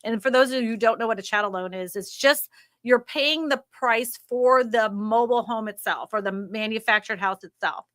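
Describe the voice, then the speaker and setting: Lady hosting a livestream, bright voice, chatty, lots of asides. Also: a little high, normal speed, no room sound, studio quality. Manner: chatty, explains with many asides. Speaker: host. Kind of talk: casual livestream chat.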